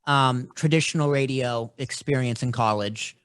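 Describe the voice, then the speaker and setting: A young adult man with a Boston accent, hosting a podcast and telling stories in a blunt, animated, casual way. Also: mid-range voice, normal speed, clear, resonant tone, no echo, studio quality. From Boston, USA. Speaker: podcast host.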